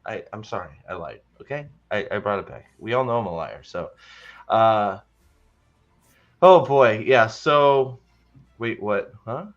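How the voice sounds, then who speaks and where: A man's voice: fairly low pitch, animated, a little slow, lo-fi sound. A man hosting a livestream podcast, chatting casually with joking, stammering restarts. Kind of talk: casual chat.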